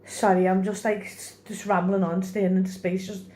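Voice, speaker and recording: A woman's voice: medium pitch, little pitch movement, fairly quick, mellow, a little hiss or hum. Young woman, personal vlog, rambling, tearful, lots of fillers, phone camera. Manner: rambling, tearful, laughing through tears, many fillers. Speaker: vlogger.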